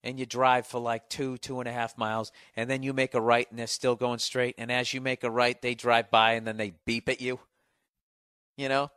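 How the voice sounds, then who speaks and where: A man hosting his own podcast, delivering a loud, sarcastic comedic rant full of swearing. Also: medium pitch, little pitch movement, moderate pace, smooth, no echo, studio quality. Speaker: podcast host. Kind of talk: profane comedic monologue.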